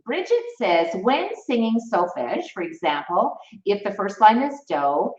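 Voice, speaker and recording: A woman's voice: medium pitch, very animated, a little slow, a little mellow. A woman teaching music theory in a live stream, chatty and encouraging, reading out viewers' comments as she goes. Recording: roomy, distant, slightly dull mic.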